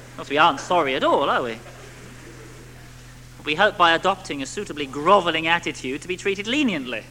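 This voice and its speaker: A man preaching a sermon to a congregation, animated, with rhetorical tag questions and little acted-out quotes. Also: a little high, a little fast, long pauses, a little hiss or hum, low-quality recording.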